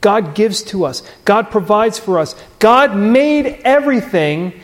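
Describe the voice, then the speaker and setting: A man preaching a sermon, earnest and emphatic, repeating key phrases with pauses. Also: high voice, lively intonation. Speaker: pastor. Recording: long reverb of a large hall.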